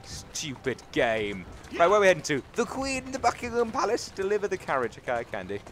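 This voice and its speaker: A young Englishman, a gaming YouTuber, chats casually and pokes fun at himself during a let's-play of a video game, with game music underneath. His British-accented voice sits high and swings hugely in pitch, a little fast and a bit bright, with a faint hiss or hum.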